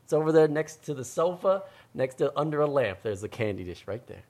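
A woman reading a children's picture book aloud, slowing down on the story lines and asking questions about the pictures. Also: sits low. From a Western country. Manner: animated, slows down for read-aloud lines, asks the listener questions. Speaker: storybook reader and co-host.

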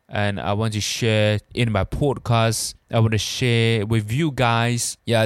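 Male solo podcast host, non-native speaker, halting and casual, smooth low voice. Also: no room sound, studio quality. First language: not English. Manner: halting, searches for words, repeats "you know what I'm saying".

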